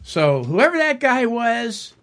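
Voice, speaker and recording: A middle-aged man hosting a radio talk show, telling a story in an animated, indignant way and chuckling often. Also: very high-pitched, slow pace, very noisy. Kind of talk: casual storytelling chat.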